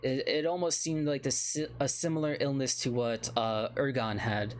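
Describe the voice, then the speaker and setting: A male game master narrating a tabletop game and speaking as a worried town leader, in a mid-pitched, even voice. He talks haltingly and calmly, often pausing on a filler before going on.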